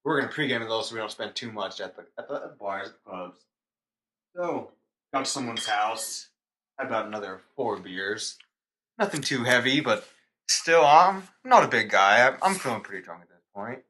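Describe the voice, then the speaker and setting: A young man tells a long story on a casual podcast, rambling and self-mocking. His voice sits at a middling pitch and sounds plain and everyday. He laughs at himself as he goes. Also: lively intonation, moderate pace, sharp tone. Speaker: podcast co-host.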